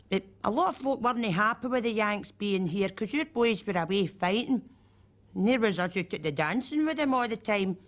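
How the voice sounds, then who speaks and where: A woman's voice: lowish voice, a bit bright. A frank old Glasgow woman. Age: older. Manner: frank, bawdy, chatty. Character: cheeky older Glasgow woman recalling wartime.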